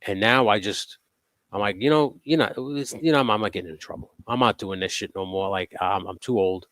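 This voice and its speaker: A man hosting a casual live chat from his workshop, telling profane, animated stories. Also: lowish voice, fairly quick, no echo. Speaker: host. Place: home workshop.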